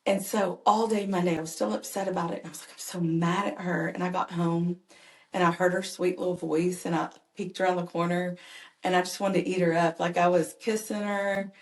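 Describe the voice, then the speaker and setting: Earnest mom telling stories in an echoey room. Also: female voice, lowish voice, a little fast. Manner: earnest, animated, laughs while telling stories. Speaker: guest, mother and caregiver. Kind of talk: conversational personal storytelling.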